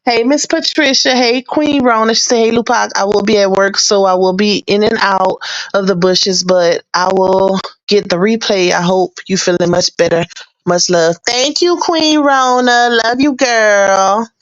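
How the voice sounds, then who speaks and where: A woman's voice: mid-range voice, a little slow, dry recording. Chatty livestream host woman, lo-fi sound. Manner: greets chat viewers by name, chatty and laughing. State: a little under the weather. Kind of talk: casual livestream chat. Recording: dull lo-fi stream audio.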